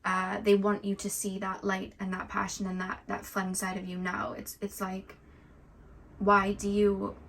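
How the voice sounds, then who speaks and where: A woman's voice: mid-range voice, fairly bright tone. Earnest rambling woman tarot reader. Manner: rambling, heavy on "like" and "um"; earnest, openly emotional. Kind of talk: intuitive tarot reading to viewers.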